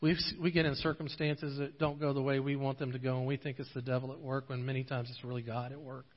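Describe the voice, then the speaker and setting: A man preaching a sermon, at times pleading with rising intensity, at times telling a relaxed story. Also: medium pitch, fast. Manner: passionate, swelling to pleading intensity in prayer passages. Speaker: pastor. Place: church sanctuary. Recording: dull audio with long hall reverb.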